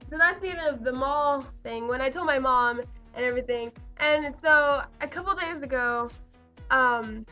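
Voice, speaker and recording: Chatting to her vlog viewers, a teenage girl giggles her way through a storytime tale, peppering it with "like" and "um." Her voice is high with a sharp edge, and her manner stays bubbly throughout.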